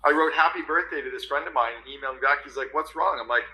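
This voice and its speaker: A man's voice: mid-range voice, very fast, bright, forceful tone, rough recording. A man talking as a guest on a business podcast, confident and telling anecdotes with acted-out quotes. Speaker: guest author on meetings. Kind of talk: podcast conversation.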